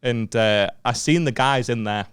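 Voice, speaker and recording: A man's voice: mid-range voice, moderate pace, smooth, no echo, studio quality. A young man, co-hosting a podcast and telling a story in casual chat, swearing freely and laughing often. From Northern England. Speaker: podcast co-host.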